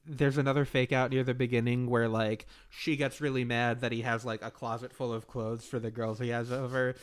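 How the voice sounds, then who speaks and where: A man's voice: mid-range voice, level tone, brisk, clean tone. Easygoing young man co-hosting a podcast. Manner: agreeable listener, chuckles often. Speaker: podcast co-host. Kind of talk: casual movie discussion.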